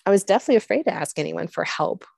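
A woman's voice: fairly low pitch, rapid-fire, vocal fry, slightly rough, dry recording. Woman telling a faith story, dry sound. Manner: conversational and expressive, frequent "like" and "you know", laughs at herself. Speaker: speaker sharing a faith testimony. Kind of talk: personal storytelling talk.

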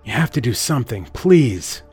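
A man's voice: on the low side, big pitch swings, a little fast, darkish tone, slightly rough, soft background music. A man voicing a desperate, frustrated injured man who begs and barks. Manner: begging, barking.

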